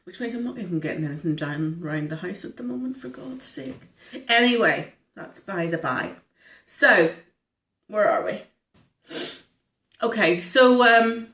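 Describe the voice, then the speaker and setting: A woman, vlogging casually, slightly hoarse and stuffy-nosed, rambling with lots of fillers. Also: on the low side, fairly bright tone, reverberant, distant mic. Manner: chatty, rambling, frequent fillers. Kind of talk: casual diet vlog.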